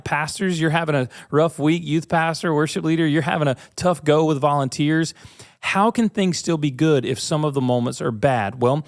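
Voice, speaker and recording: In a studio suite lined with bookshelves, a man in his thirties with a voice on the high side hosts a faith and leadership podcast. He talks to listeners earnestly and conversationally, posing questions to them, in a dry, clean studio recording.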